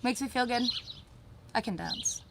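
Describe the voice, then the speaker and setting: A woman hosting a casual mindset talk, blunt and chatty, swearing freely and filling pauses with ums. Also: on the high side, lively intonation, background noise. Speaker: host.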